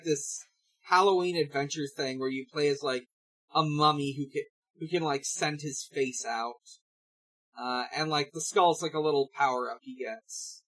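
A man co-hosting a podcast, talking casually and haltingly through a comic with many fillers and restarts. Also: on the high side, sharp tone, rough recording. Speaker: podcast co-host. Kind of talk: casual chat reading a comic.

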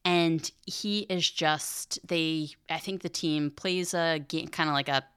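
Woman, low voice, smooth, dry close sound, earnest, conversational teaching. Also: steady tone, takes it slowly, fairly bright tone, dry recording. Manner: earnest, retells a film scene to explain a point; thinks aloud with frequent restarts and asides. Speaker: Catholic podcast host.

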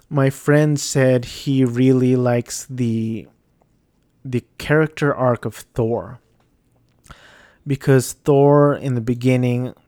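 Slow, mellow-voiced man reviewing movies. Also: medium pitch, no echo, studio quality. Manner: rambling, hesitant, self-deprecating. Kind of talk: casual spoken movie review.

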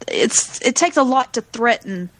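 A woman's voice: fairly high pitch, animated, unhurried, fairly bright tone, dry recording. Female podcast co-host, eager and chatty, dry recording. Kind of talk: casual chat.

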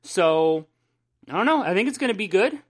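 A man's voice: sits high, very animated, normal speed. Young man, podcast co-host, chatty, swears a lot, rambles and riffs on jokes. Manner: rambling, profane, jokey. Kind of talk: casual comics news chat.

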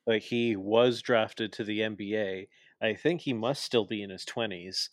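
Brief: young male co-host, lowish voice, dry close sound, opinionated rambling talker. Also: fairly even intonation, unhurried, dry recording. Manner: opinionated, explains at length with many fillers. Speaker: podcast co-host. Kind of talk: casual chat.

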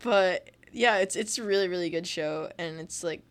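A woman's voice: fairly low pitch, moderate pace. A young woman in casual chat, talking about TV shows with many fillers and frequent laughter. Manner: chatty, lots of "like" fillers, laughs often.

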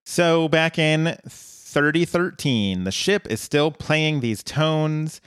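A man's voice: a little high, slow, a bit bright, clean tone, no echo. A man co-hosting a podcast, recapping an episode in casual, dry chat. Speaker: podcast co-host.

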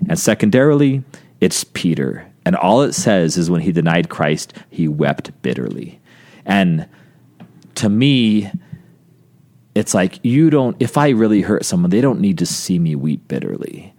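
A man's voice: sits low, big pitch swings, unhurried, darkish tone. A man speaking earnestly about faith in a reflective podcast conversation, often restarting his sentences.

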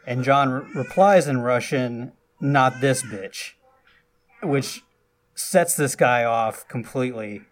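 A man's voice: medium pitch, unhurried, slight background noise. Chatty man casually recapping a film. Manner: chatty, loose storytelling with frequent asides. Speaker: podcast host recapping a film.

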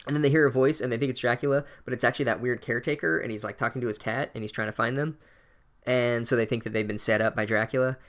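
A man's voice: mid-range voice, steady tone, quick pace, a bit bright. A man giving a profane, sarcastic comedic recap of a book, ranting in a casual way.

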